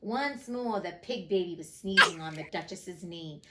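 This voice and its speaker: A woman's voice: fairly low pitch, moderate pace, very noisy. Emotional woman reading a storybook aloud. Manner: emotional, chatty, slangy asides. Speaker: reader of classic books. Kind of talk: storybook reading with chatty asides.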